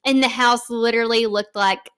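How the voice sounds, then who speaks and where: A woman's voice: on the high side, fairly even intonation, moderate pace, a bit bright, clear, resonant tone. Young female co-host, casual and blunt, filler-heavy book banter. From Arkansas. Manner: chatty, blunt, peppered with "like". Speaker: podcast co-host.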